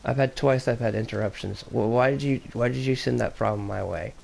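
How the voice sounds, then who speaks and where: A young man hosting a podcast in casual chat, telling stories in a rambling, animated way. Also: medium pitch, a little fast, gravelly, slight background noise. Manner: rambling, animated storytelling with laughs. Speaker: podcast host.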